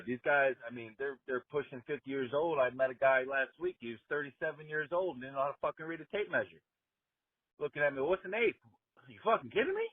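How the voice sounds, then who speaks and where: A man's voice: on the high side, husky, no room sound. Give me an exasperated man about thirty ranting on a dry, phone-like voicemail. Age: 30s. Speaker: caller, tradesman. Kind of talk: voicemail rant.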